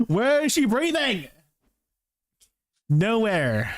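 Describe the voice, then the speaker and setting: A man streaming live and talking casually to his chat between bits of singing along. His voice sits a little high and he speaks at an unhurried, drawn-out pace. The sound is dry and close, with no room around it. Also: wildly swooping pitch, no echo. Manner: chatty, talks to chat while singing along to music.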